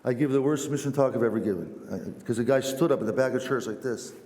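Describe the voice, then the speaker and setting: A man who is a missionary priest, telling a self-deprecating story to a parish with many halting restarts. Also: mid-range voice, a little mellow, a little hiss or hum. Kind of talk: storytelling church talk. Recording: echoey church hall.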